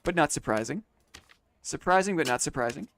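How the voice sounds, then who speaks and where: A man's voice: fairly high pitch, animated, a little fast, a bit bright, a little hiss or hum. A man chatting casually on a late-night game live stream, thinking aloud and repeating phrases to himself.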